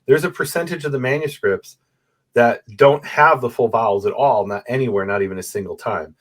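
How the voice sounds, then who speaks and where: A man's voice: medium pitch, fairly quick. A man explaining his research as a guest scholar in a conversation, speaking over a video call and often checking in with "right?". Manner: animated, explains step by step with frequent "right?" checks. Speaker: guest, Bible manuscript scholar. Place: room with a bookshelf photo backdrop.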